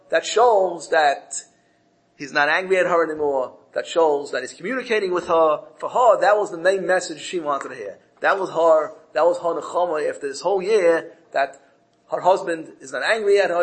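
A man with a fairly high voice teaches a Torah lesson. He tells a parable in a storytelling way and lifts his voice when he quotes the characters. He often repeats words and restarts phrases as he goes. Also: poor audio.

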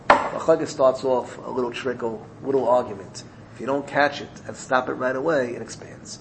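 A man's voice: medium pitch, a little mellow, slight background noise. A man teaching a Torah class, earnest and repeating phrases for emphasis, mixing in Hebrew and Yiddish terms. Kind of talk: Talmud class.

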